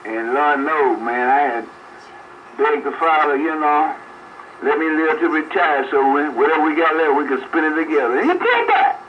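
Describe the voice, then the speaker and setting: This CB radio operator, an older man, has a slightly high voice with lively intonation and speaks at a normal speed. He laughs a lot while casually swapping folksy memories, heard through dull audio with a faint hiss.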